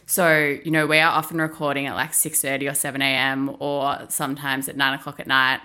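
A woman's voice: very deep voice, little pitch movement, brisk, sharp tone, smooth. A young woman co-hosting a podcast, speaking in an open, reflective, earnest way. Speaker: podcast co-host. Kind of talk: casual chat.

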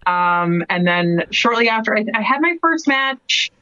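A woman in her thirties from Cape Breton, telling stories casually in an interview, full of "like"s and quick laughs. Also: medium pitch, expressive, sharp tone, dry recording. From Canada, Cape Breton. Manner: chatty storyteller, many "like"s, laughs often. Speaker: guest wrestler. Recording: dry, dull lo-fi podcast audio.

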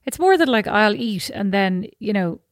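A woman's voice: medium pitch, lively intonation, normal speed, no echo, studio quality. A woman co-hosting a podcast, chatting in a playful, teasing, argumentative way. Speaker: podcast co-host. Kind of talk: casual podcast chat.

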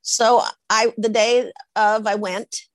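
Older woman, interview guest, lively storyteller, fairly high voice, dry close sound. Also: slow pace, no echo. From Portland. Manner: lively anecdotes with acted-out quotes.

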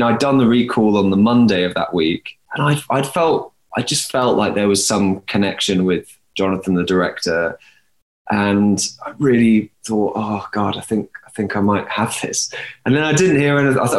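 Young male actor, low voice, rambling and self-correcting, echoey room. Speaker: actor, interview guest. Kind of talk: conversational interview. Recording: roomy echo.

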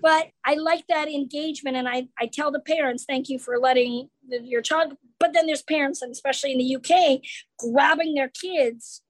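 A woman comedian talks in a relaxed interview, her voice high and bright. She slips into the voices of the people in her stories as she tells them. The sound is dry and close, with no room around it. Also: moderate pace, dry recording, low-quality recording. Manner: animated storyteller acting out quoted people. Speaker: comedian guest. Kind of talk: casual interview chat.

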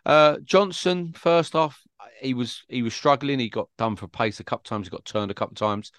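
A man's voice: mid-range voice, brisk, fairly bright tone, dry recording. A man co-hosting a football fan podcast, chatting casually and rambling through anecdotes. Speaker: podcast co-host.

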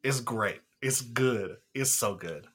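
A man's voice: medium pitch, lively intonation, slow, fairly bright tone, slightly rough. A young man co-hosting a podcast, chatting casually, rambling enthusiastically with lots of fillers and casual swearing. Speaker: podcast co-host. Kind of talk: casual chat.

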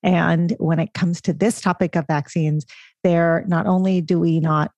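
A woman podcast co-host who asks questions and sums up points with warm emphasis. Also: lowish voice, fairly even intonation, measured pace, no room sound. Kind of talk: podcast interview.

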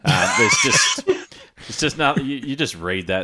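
A man's voice: mid-range voice, huge pitch swings, moderate pace, very noisy. A man co-hosting a casual gaming podcast, telling stories in a chatty way and laughing at his own jokes. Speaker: podcast co-host.

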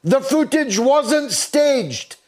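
A man's voice: very high voice, lively intonation, extremely slow, darkish tone. An older man hosting a talk show, delivering a wry, sardonic opinion monologue.

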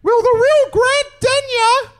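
A man putting on a shrill, indignant letter-writer voice, reading in an exaggerated sing-song. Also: steady tone, slow pace. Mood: mock outrage.

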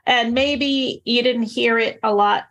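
A woman's voice: fairly high pitch, steady tone, takes it slowly, a bit bright. A woman hosting a casual podcast chat, thoughtful and encouraging as she asks questions.

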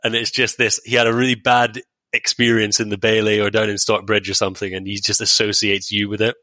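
A man's voice: on the low side, flat delivery, a little fast, sharp tone, no room sound. A man hosting a casual podcast, wry and chatty, with plenty of ums. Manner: wry, chatty, reading out plugs with many ums. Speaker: podcast host.

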